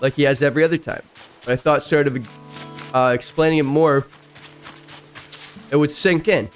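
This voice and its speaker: A man's voice: steady tone, normal speed, faint music behind. Chatty man streamer reading stories. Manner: chatty, reacts loudly and jumps high in pitch. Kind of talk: reading online stories aloud with casual reactions.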